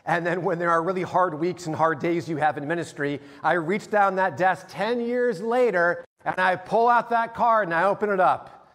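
A middle-aged male pastor preaching a sermon and telling personal stories, growing animated as he acts out scenes. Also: high voice, normal speed. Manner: storytelling, animated when acting out scenes. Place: church sanctuary. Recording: long hall reverb.

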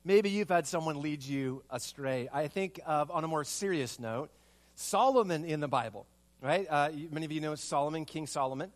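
A pastor delivers a sermon in a noticeably high-pitched male voice. He tells a personal story with lively, animated energy. He drives his point home with a string of repeated rhetorical questions. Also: normal speed.

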